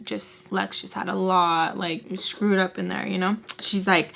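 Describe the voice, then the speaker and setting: A woman's voice: mid-range voice, flat delivery, measured pace, creaky, hardly any pauses, a bit bright. A young woman tells a personal story in a casual vlog. She swears freely and jumps into the voices of the people on the phone. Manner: swearing, acts out both sides of heated phone calls. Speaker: storytime vlogger.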